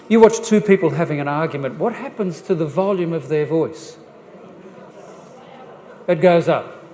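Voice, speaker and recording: A man gives a church seminar on family life, joking and lively, with a slightly high voice. He puts questions straight to the congregation. His voice echoes through a large church hall with long reverb and a faint hum of ambience. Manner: jokey, lively, addresses the audience directly with questions. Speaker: guest speaker on family life.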